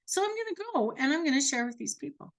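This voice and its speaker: A woman voicing an eager woman with skin trouble, high and excited. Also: quick pace, gravelly, exaggerated voice.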